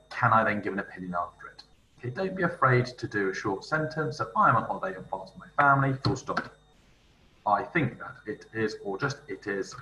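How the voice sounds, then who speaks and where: A man teaching in a screen-recorded tutorial, thinking aloud as he types and reading French phrases slowly. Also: on the low side, recorded from a distance. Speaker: language teacher. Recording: roomy room with faint noise, slightly off-mic.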